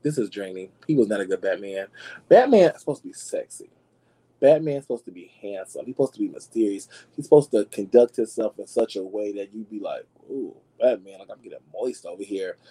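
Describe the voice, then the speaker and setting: Sassy man dishing gossip, mellow tone. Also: lively intonation, brisk, husky, low-quality recording. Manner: sassy, dramatic, addresses listeners as y'all; swoops into high squeals for emphasis. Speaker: podcast host. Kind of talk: casual gossip commentary.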